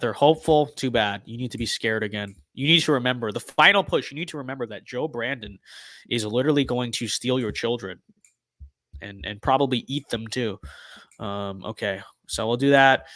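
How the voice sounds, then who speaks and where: A man's voice: mid-range voice, no echo, clean studio sound. Sarcastic young man streaming a game. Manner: sarcastic, swings from muttering to excited outbursts. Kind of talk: casual gameplay commentary.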